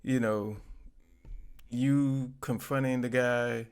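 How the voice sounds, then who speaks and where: Brief: male commentary host, relaxed, conversational, mid-pitched. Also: slow pace, clear, resonant tone. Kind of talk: casual commentary.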